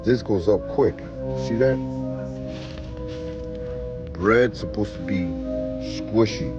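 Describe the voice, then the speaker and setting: Man in a low register giving a casual hands-on demonstration, dull lo-fi sound, loud music underneath. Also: slow pace.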